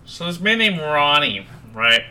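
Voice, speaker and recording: Bright-voiced young man rambling casually. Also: on the high side, very animated, unhurried, a little hiss or hum. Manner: rambling, profane, joking. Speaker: podcast host. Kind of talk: casual chat.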